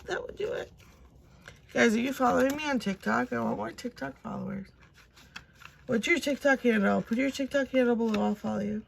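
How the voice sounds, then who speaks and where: A young woman chatting casually as she counts and sorts cash, talking to herself now and then and dropping into soft whispers. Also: a little high, fairly quick, vocal fry, a little hiss or hum. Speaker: budgeting vlogger.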